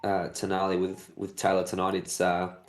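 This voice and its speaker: A co-host chats casually, halting and stalling with fillers. His voice is low, and the recording carries a noticeable roomy echo. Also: completely flat delivery. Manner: hesitant, halting, full of fillers. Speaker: podcast co-host. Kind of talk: casual podcast chat.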